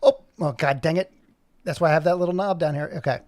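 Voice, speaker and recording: Here a man making an animation on a livestream chats casually, rambling and talking to himself while he works. He talks fast in a slightly high, slightly mellow voice, captured at studio quality with no room sound.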